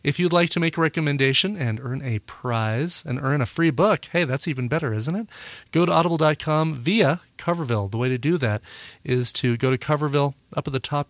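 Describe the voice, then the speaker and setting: A man hosting a music podcast in a relaxed, casual way, often pausing with "uh" and correcting himself. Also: medium pitch, no room sound. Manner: relaxed, full of "uh" fillers and self-corrections. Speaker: podcast host. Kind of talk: casual radio-style podcast chat.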